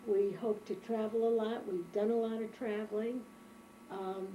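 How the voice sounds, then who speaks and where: An older woman from Germany, recounting her memories in a reflective, unhurried oral history interview. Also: medium pitch, level tone, dark tone, slight background noise, poor audio.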